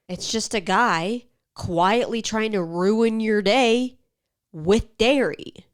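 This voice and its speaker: A woman at a middle pitch hosts a casual reaction commentary. She sounds sarcastic and exasperated, and her voice now and then drops to a whisper for effect. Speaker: commentary host.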